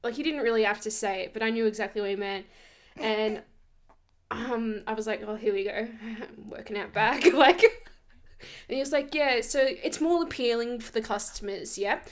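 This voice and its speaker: A woman's voice: on the high side, moderate pace. Chatty young woman. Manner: animated storyteller, laughs often. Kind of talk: casual chat.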